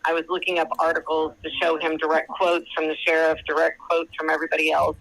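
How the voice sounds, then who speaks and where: A woman's voice: sits low, monotone, fast talker, creaky, a bit bright, rough recording. Chatty woman caller on the phone. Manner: chatty, storytelling, quotes others at length. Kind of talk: retelling a conversation on a call-in show. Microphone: phone call.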